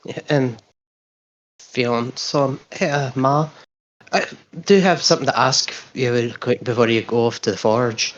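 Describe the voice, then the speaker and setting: A woman's voice: a bass voice, unhurried. A woman playing in a tabletop role-play game, who talks hesitantly and often restarts her sentences. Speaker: player. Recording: slightly dull lo-fi mic.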